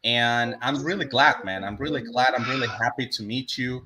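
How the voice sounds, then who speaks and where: A man's voice: mid-range voice, moderate pace, crowd noise, poor audio. A man hosting a casual video interview, speaking with frequent restarts and repeated thanks. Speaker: interview host.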